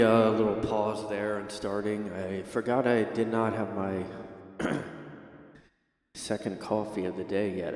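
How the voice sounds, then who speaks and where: A man's voice: lowish voice, dry recording, clean studio sound. A man hosting a solo podcast from his room, rambling and joking with lots of fillers and self-deprecating asides. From United States. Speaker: podcast host. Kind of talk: casual rambling solo chat. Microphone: streaming setup microphone.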